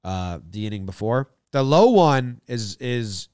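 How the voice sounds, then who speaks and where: A man co-hosting a casual baseball podcast, breaking down calls in animated detail. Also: mid-range voice, a little slow, clear, resonant tone, dry recording, studio quality. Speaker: podcast co-host. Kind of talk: casual sports chat.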